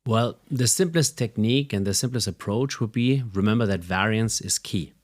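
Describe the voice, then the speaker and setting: Lowish-voiced man explaining voice technique. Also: moderate pace. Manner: animated, demonstrates voice melody with examples. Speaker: voice and communication coach, guest. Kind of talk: podcast interview.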